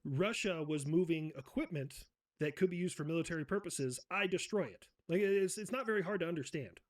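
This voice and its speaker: A man hosting a satirical comedy role-play, talking in a profane, mocking way with shouted outbursts. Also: fairly high pitch, a little fast. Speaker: host.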